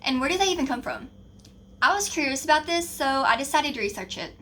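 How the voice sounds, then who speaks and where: Bright-voiced Southern woman explaining. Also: high voice, expressive, quick pace, slight background noise. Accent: Southern American. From American South. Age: young adult. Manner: chatty, informal explaining. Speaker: student presenter. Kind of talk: class project narration.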